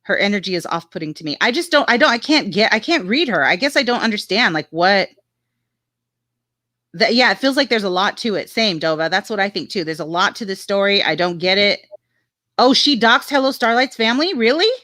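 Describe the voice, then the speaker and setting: A woman's voice: mid-range voice, lively intonation, fairly quick, sharp tone, no room sound, clean studio sound. A woman casually chatting on a livestream, frank and talkative, reading viewer comments aloud. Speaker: livestream co-host reading chat.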